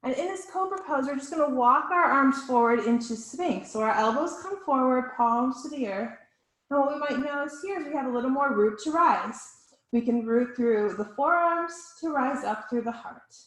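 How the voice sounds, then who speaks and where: A woman leads a yoga class with slow, soothing instructions and gentle pauses between cues. Her voice sits a little high. The sound carries an echo, as in a bare room.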